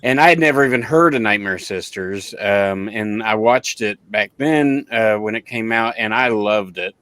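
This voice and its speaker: A man's voice: lowish voice, moderate pace, clean tone, dry recording. A man co-hosting a podcast, chatting casually as a fan and filling his talk with ums and likes. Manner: relaxed, filler-heavy fan talk, laughs often. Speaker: podcast co-host. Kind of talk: casual chat.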